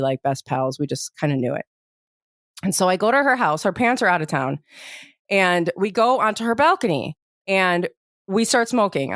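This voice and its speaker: A woman's voice: lowish voice, no echo, clean studio sound. A woman co-hosting a podcast, telling a long personal story in a casual chat, full of "like" and "you know". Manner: animated storyteller, many fillers like "like" and "you know". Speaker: podcast co-host.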